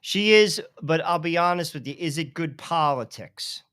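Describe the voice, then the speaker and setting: A man co-hosting a talk show, speaking in a measured, hedging way with frequent fillers. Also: fairly high pitch, animated, a bit bright, clear, resonant tone, no echo, clean studio sound. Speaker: co-host. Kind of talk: political talk show discussion.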